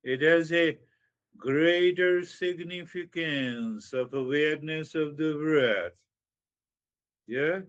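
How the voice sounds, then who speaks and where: Slow-talking guy teaching meditation, repeats himself, stretches words out, kinda muffled dull recording. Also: fairly high pitch, a bit bright. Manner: slow and repetitive, with drawn-out phrases and sudden emphatic rises. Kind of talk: spiritual talk.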